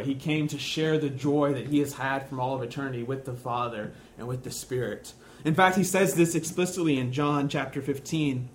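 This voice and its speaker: A male pastor preaching a sermon, talking through scripture with slow, deliberate emphasis and repeating key phrases. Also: medium pitch, slight background noise.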